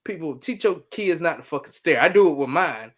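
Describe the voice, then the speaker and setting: A man's voice: on the high side, expressive, fairly quick. A man from Mississippi, co-hosting a podcast in casual chat and ranting profanely with lots of energy. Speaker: podcast co-host.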